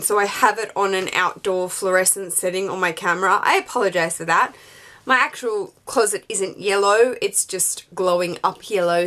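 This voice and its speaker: A woman's voice: medium pitch, a bit bright. A young woman chatting casually to her camera at home, hyper and rambling from too much coffee. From Australia. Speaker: beauty and fashion vlogger. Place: home closet room with yellow-lit background.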